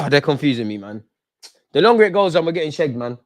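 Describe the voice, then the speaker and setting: Excitable young man on a watch-along. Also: fairly high pitch, fast talker. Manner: excitable, talks to the players on screen; shouts and yells at goals and chances. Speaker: football watch-along host. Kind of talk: live match watch-along commentary.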